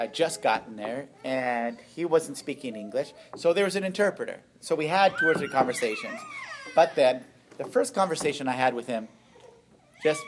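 A middle-aged male priest tells a story to a gathering in a fairly high, lively voice. He talks animatedly, jumping in pitch as he acts out remembered voices. A faint hiss of noise sits under the recording. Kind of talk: storytelling witness talk.

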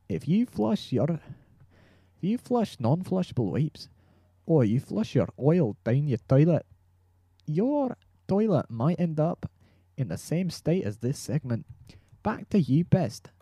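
A man's voice: a little high, sing-song, takes it slowly, mellow, slightly rough, no room sound, studio quality, exaggerated voice. A man voicing a bumbling male news reporter in the field, rambling in a mock-newsreader way for an improvised comedy sketch. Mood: mock-serious.

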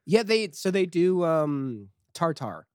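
A young man in easy conversation, his voice swinging up and down as he tells a story. He laughs often and slips into quick impressions of the people in it. The sound is dry and close. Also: fairly high pitch, no echo. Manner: animated storytelling with laughs and acted quotes. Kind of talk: casual chat.

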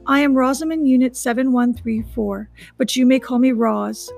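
Woman putting on a calm robot mother. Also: high voice, normal speed, creaky, faint music behind. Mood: urgent.

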